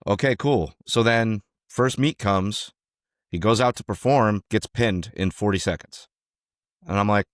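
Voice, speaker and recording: A young man telling a coaching story in casual chat, animated, acting out quotes and swearing freely. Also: on the low side, measured pace, no echo, studio quality. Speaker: podcast co-host, former youth wrestling coach.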